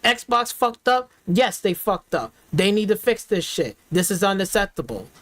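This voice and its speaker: A man's voice: high-pitched, sing-song, normal speed, a bit bright, no echo. A man ranting in heated, profane slang as a reaction streamer, repeating himself and trash-talking rivals.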